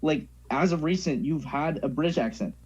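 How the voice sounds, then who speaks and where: A man's voice: fairly high pitch, normal speed, a little mellow, dull audio, slight background noise. A young man talking casually as a podcast guest, firing off curious questions packed with "like" and other fillers. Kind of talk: casual chat.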